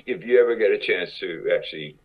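A man being interviewed as an actor guest, telling stories in a halting, casual way, often repeating words and acting out quotes. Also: low-pitched, breathy edge. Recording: dull lo-fi audio.

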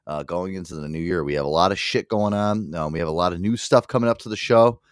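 A man's voice: low-pitched, quick pace, clear, resonant tone, no echo, studio quality. A man hosting a podcast in casual chat, rambling, swearing freely and laughing often. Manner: crude, rambling, laughs a lot. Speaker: podcast host.

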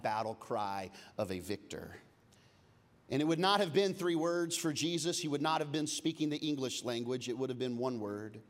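A man in his forties preaching a sermon as a pastor, telling lively, humorous stories that swing between loud bursts and low, hushed moments. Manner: lively storytelling, humorous asides. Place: church auditorium. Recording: long reverb of a large hall.

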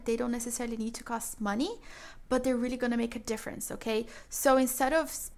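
A young woman branding coach talking to her listeners, enthusiastic and encouraging, calling them mama. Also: fairly high pitch. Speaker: branding coach and podcast host. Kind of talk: upbeat solo talk to listeners.

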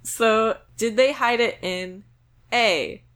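A woman's voice: fairly high pitch, slow, fairly bright tone, clear, resonant tone. A woman co-hosting a casual podcast, playful and giggly, presenting news segments. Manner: giggly, playful, stumbles into laughter. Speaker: podcast co-host.

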